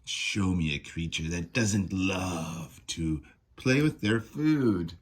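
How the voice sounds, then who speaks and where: A man's voice: deep voice, animated, takes it slowly, slightly rough, voice pushed down, exaggerated voice. A man voicing a cruel female nightmare demon queen who taunts and mocks with gloating laughs. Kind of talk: reading comic dialogue aloud.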